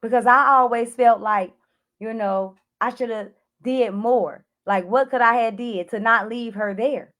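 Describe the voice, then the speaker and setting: Woman vlogger, fairly high voice, emotional storytelling, talks straight to viewers, animated delivery. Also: a little slow. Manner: animated, addresses viewers as y'all, acts out her own panicked shouts. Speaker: clarity coach. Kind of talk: emotional personal storytelling to camera.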